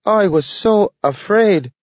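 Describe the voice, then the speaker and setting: A high, eager young dog. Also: male voice, animated, slow, no room sound, muffled recording, heavily acted. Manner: high, pleading, devoted.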